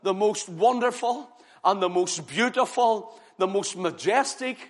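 Fervent high-voiced male preacher, echoing hall. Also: unhurried. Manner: fervent, rhythmic, swings from loud cries to hushed tones. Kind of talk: revival sermon. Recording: long hall reverb.

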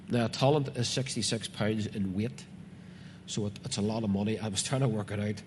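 In a reverberant hall with faint ambience, a man with a Northern Irish accent reads from the Bible and comments on it for his congregation, earnest yet conversational. His voice is fairly low and a little mellow, steady in tone and a bit fast. There is slight background noise.

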